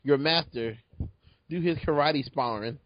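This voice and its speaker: A man's voice: a little high, a little slow, dry recording, muffled recording. A man co-hosting a podcast, joking and making vivid comparisons about a movie. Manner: jokey, uses vivid comparisons. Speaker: podcast co-host. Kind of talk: casual movie review chat.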